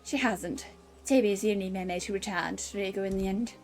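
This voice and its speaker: A woman's voice: medium pitch, fairly even intonation, darkish tone, faint music behind, lightly acted, poor audio. A woman putting on a posh, knowing storyteller. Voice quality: posh, measured. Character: posh, composed female storyteller. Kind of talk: voicing game dialogue.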